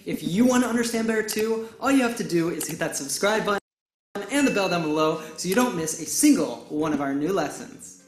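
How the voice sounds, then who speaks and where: A woman narrates a scripted English lesson, explaining each word clearly and leaning on key terms. Her voice sits fairly low but moves lively up and down. Soft music plays faintly underneath. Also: brisk. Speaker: English teacher.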